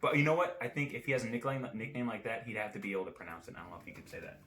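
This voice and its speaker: A man's voice: medium pitch, lively intonation, racing, a bit bright. A young man co-hosting a comedy podcast with his brother, goofy and joking in casual banter. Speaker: podcast co-host. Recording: echoey room with faint hiss.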